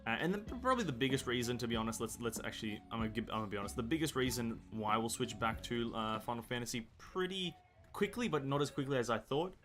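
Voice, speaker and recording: A man's voice: medium pitch, animated, fast talker, fairly bright tone, soft background music. Rambling man streaming games. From Australia. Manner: rambling, restarts and corrects himself, reads chat aloud. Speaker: gaming streamer. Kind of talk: casual live-stream chat.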